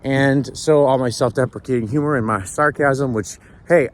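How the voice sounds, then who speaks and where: A man's voice: medium pitch, animated, normal speed. A man talking through a casual walking vlog outdoors in the morning, reflective and rambling, with many restarts and "right?" tags. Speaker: sober vlogger. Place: outdoors on a city street at sunrise.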